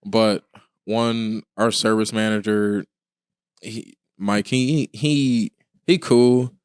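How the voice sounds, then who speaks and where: A man co-hosting a podcast in casual chat, relaxed and rambling, often restarting his sentences. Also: fairly low pitch, slow, smooth, no room sound, studio quality. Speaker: podcast co-host.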